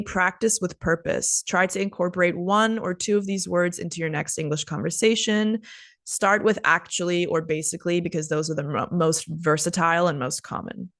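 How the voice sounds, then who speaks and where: A woman's voice: lowish voice, no room sound, studio quality. A young American woman hosting a casual spoken English lesson in a chatty way. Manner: chatty, acts out example phrases with big swoops. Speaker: English teacher and host.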